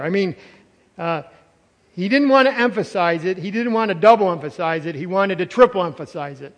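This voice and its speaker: High-voiced older preacher in a reverberant hall. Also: male voice, moderate pace. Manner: emphatic preaching, stretching key words, swings from loud to soft. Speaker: pastor. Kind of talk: sermon.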